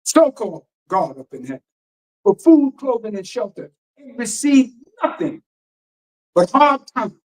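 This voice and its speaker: A man's voice: high-pitched, very animated, measured pace, rough recording. A man minister preaching emphatically and firing rhetorical questions, reading passages aloud and explaining them. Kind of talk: radio teaching sermon.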